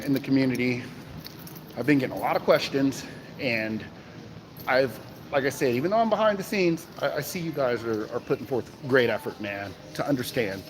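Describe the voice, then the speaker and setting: A man's voice: medium pitch, a little hiss or hum. A man hosting a casual livestream, speaking into a phone he holds, asking viewers rhetorical questions and greeting them by name. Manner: animated, talks to chat viewers, asks rhetorical questions. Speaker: crypto livestream host. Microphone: phone in hand. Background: keys jangling.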